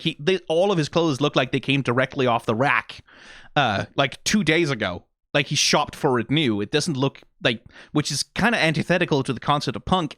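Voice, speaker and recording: A man's voice: medium pitch, a bit bright, no room sound. Danish-accented male reactor, mid voice, rambling and sweary, close dry mic. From Denmark. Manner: rambling, profane, full of rhetorical questions. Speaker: video game reaction YouTuber. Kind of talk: casual reaction commentary.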